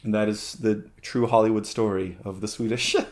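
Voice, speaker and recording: A man's voice: lowish voice, fairly even intonation. A man co-hosting a podcast in casual chat, rambling with lots of fillers and restarts. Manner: rambling, halting, many fillers and restarts, laughs often. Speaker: podcast co-host.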